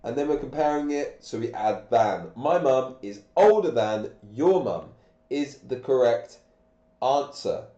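A man's voice: mid-range voice, expressive, measured pace, dark tone. A man, sick and coughing, teaching grammar on a live stream with patient step-by-step questions. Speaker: English teacher. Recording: echoey, dull lo-fi room sound.

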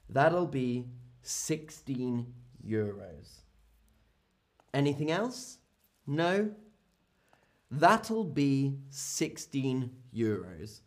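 A male teacher leads a classroom drill, speaking each word with extreme slowness so the students can follow. His pitch swoops up and down with animated emphasis, and he repeats short phrases again and again as he calls on people. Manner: very slow, repetitive, lively and exaggerated intonation. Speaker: English teacher. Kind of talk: classroom language lesson.

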